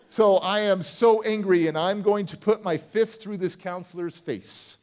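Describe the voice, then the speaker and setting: A motivational speaker telling a personal story at a conference, acting out the people in it and swinging between hushed and loud. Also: male voice, sits high, moderate pace, few pauses. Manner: acts out voices of people in his story, swings from hushed to shouting. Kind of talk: dramatic storytelling keynote. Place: large conference hall.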